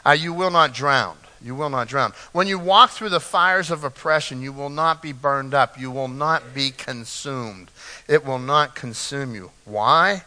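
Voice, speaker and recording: Bright-voiced male pastor in echoing hall. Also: medium pitch, a little slow. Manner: earnest, repeats key phrases, light asides. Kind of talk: conversational sermon. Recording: reverberant church hall.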